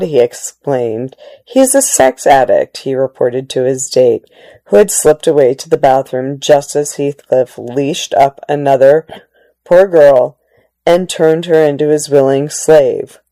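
Low, mellow woman reading articles aloud. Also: no echo. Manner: measured, plain reading with occasional restarts. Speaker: narrator reading magazine articles. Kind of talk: article read-aloud narration.

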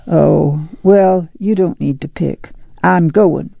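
Woman doing pouty stubborn farm girl, kinda raspy, dull lo-fi audio. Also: lowish voice, slow, mellow, no room sound, full character voice. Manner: sulky and stubborn.

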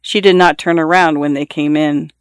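An audiobook narrator reads a literary story in a steady, scripted way, with a measured, even voice at a middle pitch and a clean tone. The mic is close, and the recording is dry with no room echo.

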